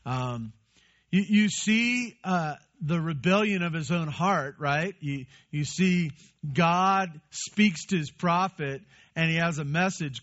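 A man's voice: a little high, takes it slowly, a bit bright, lo-fi sound. Man preaching a conversational sermon. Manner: conversational, asks the congregation questions. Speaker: pastor.

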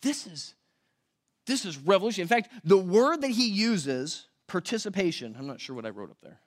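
A male pastor with a notably high voice for a man, preaching in a loose, conversational way. He poses questions to the congregation and fixes his own slips out loud. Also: very animated, moderate pace. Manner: conversational, asks rhetorical questions, corrects himself aloud. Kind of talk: sermon. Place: church.

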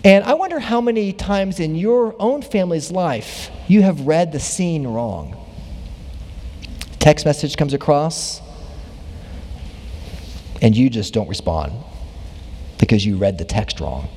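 A man's voice: fairly high pitch, sing-song, measured pace, long pauses, mellow, long reverb tail, a little hiss or hum. A man pastor delivering a conversational sermon in a church, with dry jokes and easygoing asides. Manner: conversational preaching with self-deprecating jokes. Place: church sanctuary.

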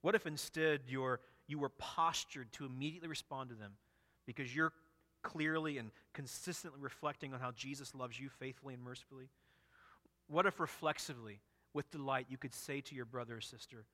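A man's voice: medium pitch, a little fast, pushed and bright, in a large hall. A man preaching an expository sermon, earnest and emphatic, often repeating and restarting phrases. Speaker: pastor.

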